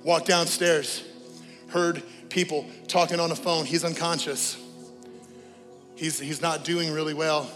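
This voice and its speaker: A high-pitched man preaches a sermon from the pulpit, moving from animated storytelling to a soft, prayerful invitation. His voice carries a long church reverb, with faint music underneath. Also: unhurried, pauses often. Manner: animated storytelling, then a quiet prayerful altar call. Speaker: pastor. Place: church sanctuary.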